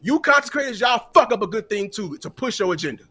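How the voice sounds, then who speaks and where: A man's voice: high voice, expressive, fast talker, sharp tone, breathy edge. A man and content creator delivering a heated, profane tirade during a live watch-party stream.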